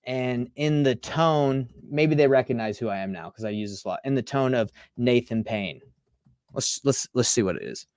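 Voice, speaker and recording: A man's voice: medium pitch, normal speed, few pauses, darkish tone, clear, resonant tone, no echo, clean studio sound. A man in his thirties from Utah, teaching on a live stream in a casual, chatty way and reading out text messages. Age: 30s. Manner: casual, chatty, reads texts aloud and reacts. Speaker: real estate coach. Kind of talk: live-streamed screen-share tutorial.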